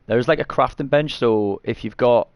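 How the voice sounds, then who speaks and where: A medium-pitched man speaks at a moderate pace. He's a gaming streamer doing a casual walkthrough, rambling and correcting himself as coughs and throat clearing from the garlic he ate keep interrupting.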